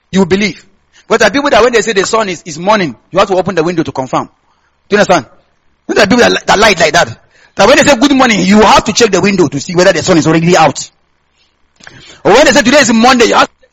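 A Nigerian man preaching a sermon in a high, husky voice. He talks straight to the congregation and keeps asking them questions so they answer back. His accent is plainly Nigerian. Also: expressive, fast, a bit bright, poor audio. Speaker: pastor.

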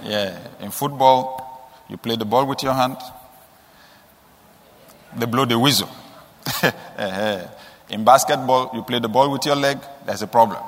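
A male preacher delivering a sermon, telling stories and asking rhetorical questions, with sudden high emphatic rises. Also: unhurried, long pauses, in a large hall.

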